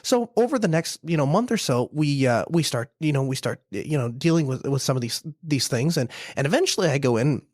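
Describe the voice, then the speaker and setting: A man in his thirties tells stories in a quick, slightly high voice, tumbling through restarts and short laughs. The sound is close and dry, with no room around it. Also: no echo. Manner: fast, animated anecdotes with self-laughs and restarts. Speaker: podcast host, business owner. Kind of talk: casual storytelling chat.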